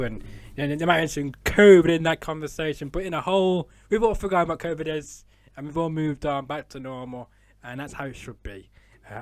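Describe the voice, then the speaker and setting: A man's voice: a little high, no echo. A man from England hosting an interview show, chatting casually with many fillers and restarts. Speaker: podcast host.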